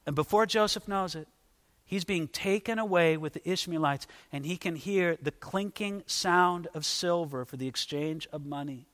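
A man's voice: fairly high pitch, moderate pace, fairly bright tone, long reverb tail. A man preaching a sermon, dramatically acting out Bible figures as he tells the story. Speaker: pastor.

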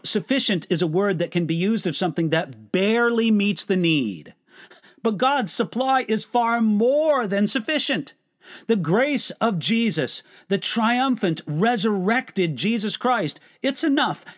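A man delivers a short devotional sermon in a high, very lively voice. He speaks slowly and earnestly, stressing words and posing rhetorical questions. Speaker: pastor. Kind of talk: devotional teaching.

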